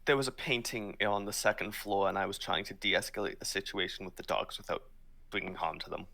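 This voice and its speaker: A deep voice with a bright, forward edge, talking earnestly and apologetically as a player in a tabletop session. The delivery is calm and sincere. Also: fairly quick, vocal fry. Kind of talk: playing a tabletop game.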